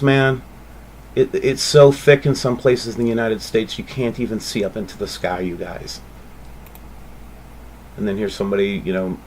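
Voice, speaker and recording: A man hosting a channel, talking casually and excitably over photos, rambling and calling out to viewers. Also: on the low side, slight background noise. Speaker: channel host.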